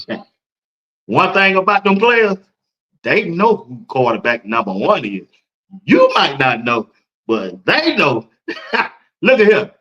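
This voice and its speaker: A man's voice: mid-range voice, wildly swooping pitch, a little slow, pauses often, fairly bright tone, lo-fi sound. A man hosting a sports talk show, talking in a casual, hyped-up way and laughing between points.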